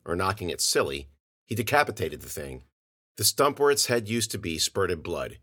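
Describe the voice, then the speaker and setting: A man narrating audio fiction in an expressive storytelling manner. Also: low voice.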